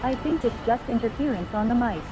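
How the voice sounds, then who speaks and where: A text-to-speech woman's voice reading out viewer chat messages in a flat, even way. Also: a little high, a little fast, lo-fi sound. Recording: loud street noise behind.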